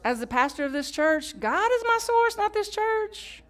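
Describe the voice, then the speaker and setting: A woman's voice: very high-pitched, big pitch swings, moderate pace. Woman pastor giving a sermon with dynamic swings into whispers, plus call-and-response and conversational asides. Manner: swings from loud emphatic lines to hushed whispers; leads the congregation in call-and-response.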